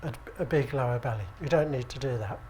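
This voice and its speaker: British man giving a relaxed talk. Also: medium pitch, fast. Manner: relaxed, conversational, asks the audience for agreement. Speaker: acupuncture teacher. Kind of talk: conference lecture. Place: conference room with audience. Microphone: handheld microphone.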